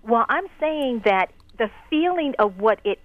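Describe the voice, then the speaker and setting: A woman's voice: on the high side, expressive, unhurried. A woman calling in to a radio talk show, talking in a hesitant way and searching for her words. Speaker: caller. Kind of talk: radio call-in discussion. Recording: tinny phone line.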